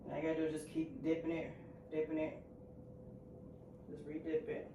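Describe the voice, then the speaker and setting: A beauty vlogger with a deep, monotone voice talks fairly quickly as she shows how she dyes a wig at a sink indoors, chatting nervously and laughing at herself. The casual talk-along tutorial sounds muffled, with room echo and faint ambient noise.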